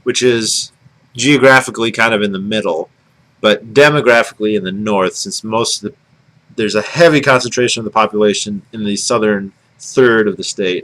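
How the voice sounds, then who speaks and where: A man's voice: lowish voice, fairly bright tone, rough recording. A man from Michigan with a Michigan accent, musing to his camera in a rambling vlog, full of fillers and self-corrections. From Michigan, United States. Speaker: video blogger. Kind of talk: casual talk to camera.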